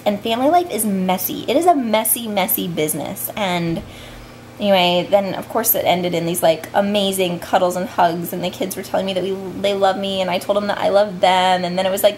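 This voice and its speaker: A woman's voice: mid-range voice, brisk, a little mellow, slight background noise. A woman in her thirties, a vlogging mom, talking to camera in a candid, heartfelt way with lots of "like" fillers. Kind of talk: reflective vlog talk to camera.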